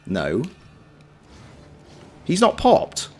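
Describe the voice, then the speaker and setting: A man and voice actor giving live-stream gameplay commentary, swearing freely as he yells at the game and chats with viewers. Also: medium pitch, drawn-out words, faint music behind. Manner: animated, swears freely, talks to the game and to chat.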